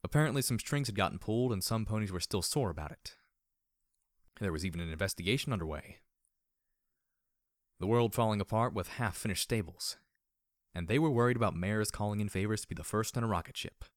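Low-voiced guy narrating a story, measured and somber, dry close mic. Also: lively intonation, no room sound. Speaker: audiobook reader. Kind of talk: first-person story narration.

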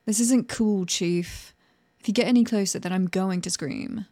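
A woman voicing a sharp-tongued young woman in an adult audio role-play, sarcastic at first, later stammering and pleading. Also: medium pitch, moderate pace, natural voice. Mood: mocking, defiant.

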